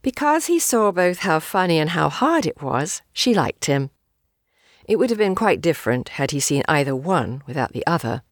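A woman with a low, deep voice reads a novel aloud in a measured, unhurried storytelling manner. She gives the dialogue a light touch of acting while keeping the narration even. The recording is dry and close, with no room sound. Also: dry recording. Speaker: audiobook narrator.

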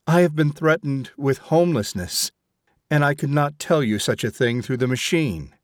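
A man reading an audiobook, voicing an earnest, quietly rebellious young man in a low, grave, measured way. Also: animated, dry recording, studio quality, lightly acted. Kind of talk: audiobook character voice.

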